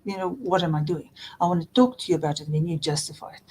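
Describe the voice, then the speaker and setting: A woman's voice: lowish voice, lively intonation, quick pace, a little mellow, a little hiss or hum, rough recording. A middle-aged woman counselor explaining relationship patterns in an earnest, repetitive way, often restarting phrases and voicing example quotes. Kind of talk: talking-head advice video.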